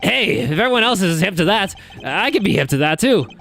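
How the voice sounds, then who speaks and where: Player voicing an easygoing male defense attorney in a game; chipper, slangy, lively. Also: medium pitch, fairly quick, gravelly, soft background music.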